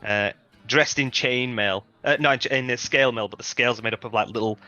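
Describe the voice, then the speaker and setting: A man's voice: medium pitch, fairly quick, sharp tone, lo-fi sound. A man playing a tabletop game, casually describing his character with fillers. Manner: easygoing, with fillers and restarts. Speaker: player.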